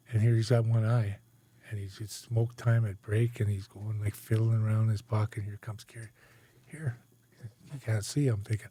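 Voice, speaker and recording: A Canadian man in his forties tells his life story as a guest in a candid interview, his fairly low voice warm and husky. He talks conversationally and keeps tagging sentences with "right?" and "eh?".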